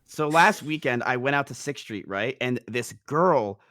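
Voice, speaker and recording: A young man in casual chat, telling a long story in a rambling, animated way. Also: medium pitch, measured pace. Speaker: guest storyteller.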